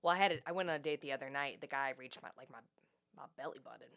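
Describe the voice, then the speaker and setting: A woman's voice: extremely low pitch, very fast, fairly bright tone. A woman guest on a podcast, chatting casually in a bubbly, joking way and laughing often. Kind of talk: casual chat.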